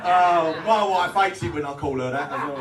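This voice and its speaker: A man's voice: fairly high pitch, moderate pace. A middle-aged British man doing a live stand-up set, crude and cheeky, often chuckling at his own jokes and bantering with the crowd. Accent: British English. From Britain. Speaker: stand-up comedian. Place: small social club comedy night. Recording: roomy venue audio taken from a distance, with crowd noise. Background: audience laughter.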